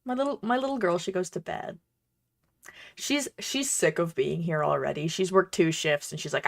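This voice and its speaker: A woman's voice: on the low side, animated, measured pace, creaky, long pauses. A woman cosplayer chatting casually while she crafts, bubbly, rambling and self-deprecating. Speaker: cosplayer and streamer.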